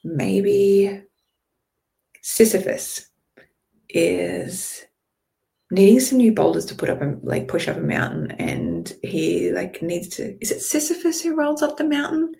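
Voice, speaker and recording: A woman guides a visualization in a drifting, playful way. Her voice sits at an ordinary middle pitch and carries a gravelly fry. She moves between calm imagery and casual swearing. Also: slow pace. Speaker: meditation guide.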